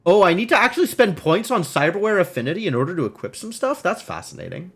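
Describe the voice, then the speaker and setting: A man's voice: sits high, very animated, quick pace, a bit bright, husky. A man streaming a game, reading its text aloud and adding wry, musing asides.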